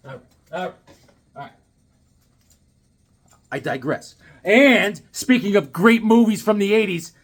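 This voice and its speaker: Husky guy rambling about old comics, voice swings all over, bit high. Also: a little slow, pauses often. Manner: animated, jokey, bursts of exclamations. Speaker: comic book vlogger. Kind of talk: casual show-and-tell vlog.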